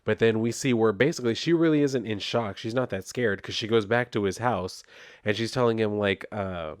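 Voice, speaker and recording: A man's voice: fairly low pitch, a little fast, no echo, studio quality. A man casually reviewing a comic, talking in a loose, laid-back way full of fillers.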